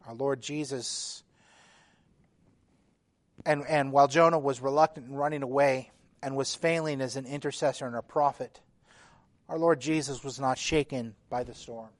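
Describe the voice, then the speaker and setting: A man's voice: medium pitch, steady tone, no echo. Emphatic male preacher, dry sound. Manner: measured, emphatic, rising and falling intensity. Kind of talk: sermon.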